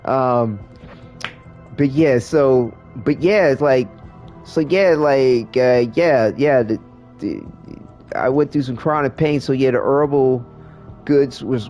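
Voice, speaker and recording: A man's voice: medium pitch, a little mellow. A man streaming a game, chatting casually with viewers in a rambling way, full of restarts and fillers. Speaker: livestreamer. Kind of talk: casual chat while gaming.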